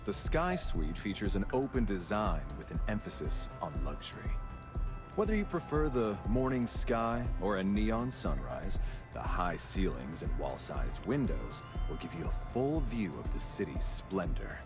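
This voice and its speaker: Deep-voiced upscale concierge, smooth and eager to please. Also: male voice, big pitch swings, unhurried, exaggerated voice. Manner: polite salesman's pitch. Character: polished hotel concierge, courteous and smooth. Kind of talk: video game dialogue. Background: game music.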